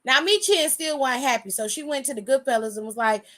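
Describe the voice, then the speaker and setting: A high-voiced woman hosting an aftershow, recapping in loose casual slang. She tells it with lots of animation and jumps into the voices of the people she quotes. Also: a little fast, fairly bright tone. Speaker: show host.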